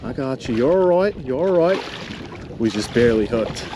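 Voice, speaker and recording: A man commentating as he fishes from a small boat in tidal marsh creeks, bursting into excited exclamations and talking gently to the fish he catches. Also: medium pitch, normal speed, background noise. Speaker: fishing vlogger. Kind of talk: casual commentary while fishing.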